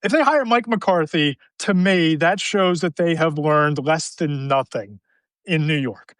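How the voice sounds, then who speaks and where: A man's voice: fairly high pitch, measured pace, fairly bright tone, no room sound. A man hosting a sports podcast, talking in an emphatic, opinionated way about coaches. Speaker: podcast host. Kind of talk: casual sports talk.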